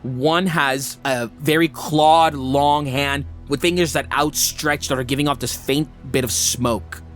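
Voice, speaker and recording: A man running a tabletop game, narrating scenes at a slow, deliberate pace. His voice sits in a middle register, with faint music underneath. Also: medium pitch, fairly even intonation, fairly bright tone. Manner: descriptive, unhurried narration. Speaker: game master.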